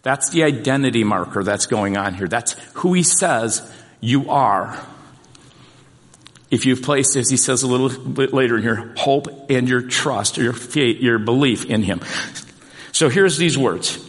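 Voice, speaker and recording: A man preaching a sermon as pastor in a church, earnest and emphatic, slowing down and repeating key points. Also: mid-range voice. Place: church sanctuary. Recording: long reverb of a large hall.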